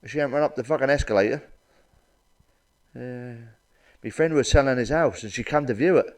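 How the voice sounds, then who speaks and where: A middle-aged man telling crude stand-up one-liners. His delivery is blunt and deadpan, at an ordinary pitch, with a lot of swearing between the punchlines. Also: normal speed, far from the mic. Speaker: stand-up comedian.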